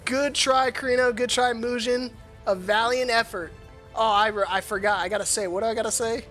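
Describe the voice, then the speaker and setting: A man casting a live esports match alone, excitable and laughing often, his voice worn hoarse from shouting. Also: very high voice, fairly quick, faint music behind. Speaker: solo esports caster. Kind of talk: live esports play-by-play commentary.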